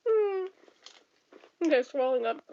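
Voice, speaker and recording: A woman's voice: high-pitched, very animated, slow, mellow. A woman in her thirties chatting casually on a home stream, blunt and profane, laughing often and ranting. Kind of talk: casual chat reading viewer comments. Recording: dull lo-fi stream audio.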